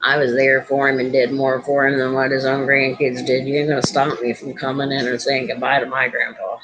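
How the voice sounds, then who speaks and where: A woman hosts a casual chat, sharing family stories and performing the voices of the people in them with animated energy. Her voice rumbles low and moves fairly quickly, with noise in the background.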